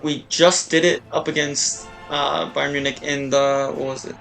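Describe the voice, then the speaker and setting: Excitable gamer man, shouting at goals. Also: a little high, measured pace, vocal fry, faint music behind. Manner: rambling, excitable, shouts and cheers at big moments. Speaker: gaming YouTuber. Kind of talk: casual live commentary of a video game.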